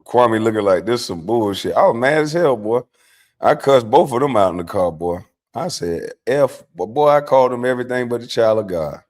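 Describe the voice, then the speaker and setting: Middle-aged man, livestream host, casual storytelling, profane, animated, low mutters to loud outbursts. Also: fairly quick.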